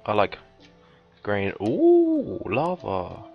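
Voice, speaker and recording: A man giving cheeky, casual gameplay commentary, swearing often and breaking into sudden high, excited yelps. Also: takes it slowly, creaky, lo-fi sound, soft background music. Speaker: let's player.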